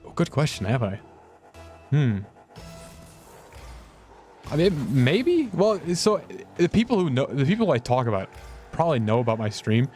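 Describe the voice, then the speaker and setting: Young male streamer, mid-range voice, rambling self-mocking chatter, pitch jumps around. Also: very animated, unhurried, long pauses, darkish tone, soft background music. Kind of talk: casual gameplay commentary.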